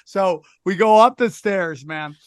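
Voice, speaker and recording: A man who is a stand-up comic and podcast host, telling a profane story in an animated way and acting out quotes. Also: sits high, slow pace, clear, resonant tone, no echo, studio quality.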